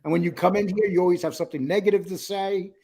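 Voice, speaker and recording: A man's voice: high voice, fairly even intonation, fast, darkish tone, slight background noise. A male livestream host chatting casually, joking and teasing as he reads the chat aloud.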